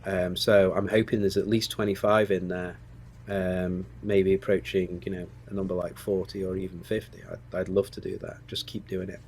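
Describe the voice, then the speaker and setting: A man in his forties from England, a screenwriter and producer with a Stoke-on-Trent accent, speaks low and a little mellow, with little pitch movement and a normal pace. His candid interview answers are reflective and hesitant with many restarts, and slight background noise is audible.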